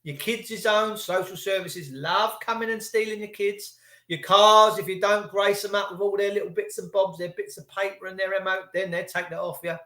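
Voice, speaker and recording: A man's voice: sits high, fairly even intonation, normal speed, sharp tone. A middle-aged man, ranting profanely and sarcastically in a rambling live monologue as a stream host. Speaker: livestream host. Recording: echoey room.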